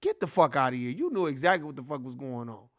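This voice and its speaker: A man's voice: mid-range voice, sing-song, quick pace, a bit bright. A man giving a heated, profane reaction commentary in a casual, repetitive ranting style.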